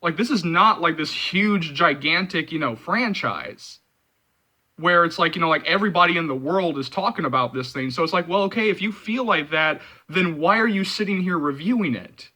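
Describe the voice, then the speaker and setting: Man, movie vlog host, heated rant, filler-heavy, swearing, slightly high voice, bright and forceful. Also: normal speed. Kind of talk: ranting vlog commentary.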